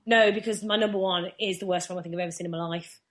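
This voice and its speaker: A woman's voice: on the low side, steady tone, fast talker. A woman co-hosting a casual film review chat, teasing and sweary, pushing the others along. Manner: teasing, sweary, pushes the pace. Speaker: podcast co-host.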